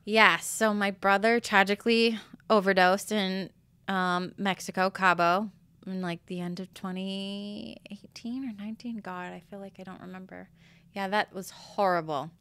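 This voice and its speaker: A woman's voice: medium pitch, steady tone, normal speed, a bit bright, clean tone, dry recording. A woman with a Boston accent, a yoga and breathwork teacher talking as a guest in a casual interview. She speaks candidly, rambles a little and swears freely.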